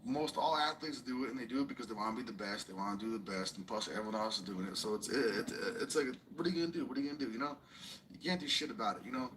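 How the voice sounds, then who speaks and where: A man's voice: mid-range voice, very fast, fairly bright tone, a little hiss or hum, rough recording. A man ranting in a vlog, agitated and swearing nonstop, repeating himself. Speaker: vlogger ranting to camera. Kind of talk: angry profane vlog rant.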